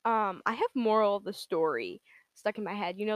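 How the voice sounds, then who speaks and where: A woman's voice: medium pitch, expressive, normal speed, pauses often, no room sound, narrow, tinny audio. Giggly rambling young woman podcaster. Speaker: podcast host. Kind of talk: casual solo podcast monologue.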